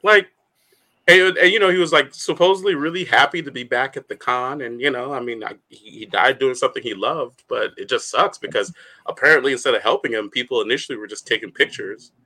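A man's voice: mid-range voice, fairly quick, sharp tone. A man co-hosting a casual podcast chat, rambling with many fillers and restarts.

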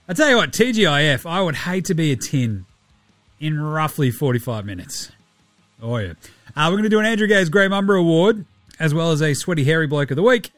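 With an Australian accent, a man hosts a casual sports podcast full of jokes, swearing and mocking impressions. His voice is slightly high and a bit bright, recorded dry.

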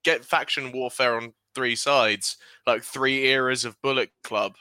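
A man's voice: mid-range voice, fairly even intonation, measured pace, bright, forceful tone, clean tone, no echo. A man co-hosting a casual podcast chat, giggly and playful. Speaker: podcast co-host.

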